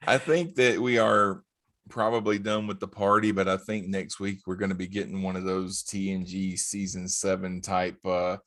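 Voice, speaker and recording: A man's voice: low-pitched, steady tone, normal speed, fairly bright tone. A laid-back man co-hosting a podcast, chatting casually and laughing often. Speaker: podcast co-host. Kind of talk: casual chat.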